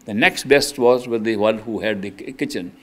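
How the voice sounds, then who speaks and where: A man's voice: lowish voice, moderate pace, a bit bright. An older man giving an earnest sermon as a spiritual teacher, telling stories with emphatic restarts. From India. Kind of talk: storytelling sermon.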